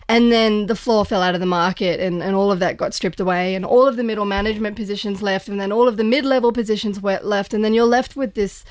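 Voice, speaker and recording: A woman co-hosts a podcast in a medium-pitched voice, talking in a casual discussion. She's earnest and thoughtful and often restarts her sentences. The studio sound is dry, with no echo.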